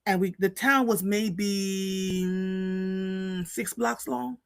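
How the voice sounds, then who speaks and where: A woman hosting a live show, telling stories in an animated, chatty way with many restarts. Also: medium pitch, very slow, gravelly, clean tone, dry recording. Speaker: host. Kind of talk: casual storytelling chat.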